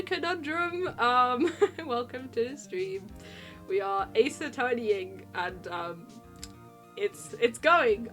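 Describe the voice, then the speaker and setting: A woman streaming a video game, chatting casually with viewers in a giggly, excitable way. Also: fairly high pitch. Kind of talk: casual live-stream commentary.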